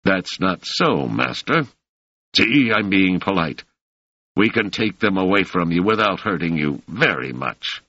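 A man's voice: deep voice, very animated, measured pace, sharp tone, breathy edge, no echo, exaggerated voice. A man reading an audiobook voices a swaggering male street thug who taunts and mocks his victims. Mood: menacing. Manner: taunting, sneering. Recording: dry, slightly muffled lo-fi audio.

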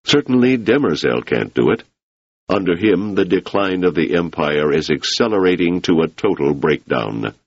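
Guy reading as an intense politician pushing hard, raspy voice, lively ups and downs. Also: low-pitched, moderate pace, dry recording, dull audio, heavily acted. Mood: insistent. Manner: insistent, urging. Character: ambitious, intense male politician, persuasive and forceful.

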